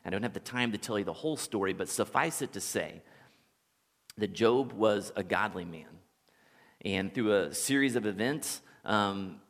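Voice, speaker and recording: Low-voiced preacher in a reverberant sanctuary. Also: male voice, expressive, normal speed, a bit bright. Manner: conversational storytelling preacher, chuckles as he speaks. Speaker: pastor. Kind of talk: sermon. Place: church sanctuary.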